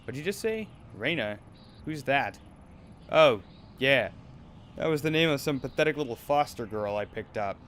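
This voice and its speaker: A bullying, abusive talent manager from a game, berating and menacing, as a man voices him. His voice sits at an ordinary middle pitch. A faint noise runs underneath. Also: animated, moderate pace, a bit bright, close to an everyday voice. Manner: berating, menacing, then wheedling.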